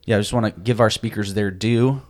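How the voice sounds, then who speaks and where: Low-voiced man, easygoing podcast co-host. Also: steady tone, darkish tone. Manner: easygoing, laughs often, measured reading. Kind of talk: casual chat and scripture reading.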